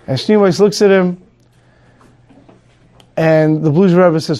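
A man's voice: high voice, a little slow, pauses often, warm tone. A man teaching Torah, telling a story as a sermon in an earnest way, using Hebrew and Yiddish terms.

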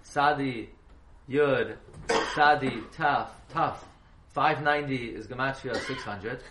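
A man's voice: mid-range voice, slow. A man giving a halacha class, questioning his students and spelling words out letter by letter. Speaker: Torah teacher. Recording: echoey room, faint hiss.

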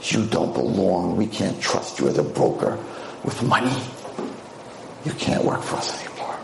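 Man playing a stern boss, low voice, gravelly, flat delivery, echoey room. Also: normal speed, noisy background, full character voice. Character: stern male boss firing an employee.

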